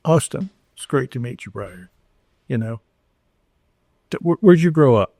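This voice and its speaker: A man's voice: mid-range voice, animated, normal speed, mellow, no echo. An older man from Houston, Texas, talking earnestly as a podcast guest, with frequent restarts and acted-out dialogue. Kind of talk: conversational storytelling.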